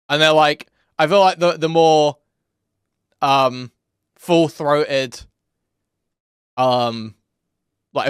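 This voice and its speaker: A man's voice: mid-range voice, fairly bright tone, clear, resonant tone, dry recording, studio quality. A man hosting a live-stream commentary, sarcastic and rambling with lots of fillers.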